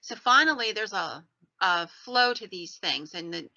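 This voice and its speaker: A woman hosting a podcast, telling a ghost story in an animated, digressive way. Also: medium pitch, a little slow, no echo, highs cut off. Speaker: podcast host.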